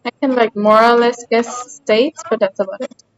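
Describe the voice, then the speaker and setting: A woman's voice: a little high, steady tone, normal speed, dull audio. A woman with a light Austrian accent, chatting casually with her stream chat while playing a game, rambling as she goes.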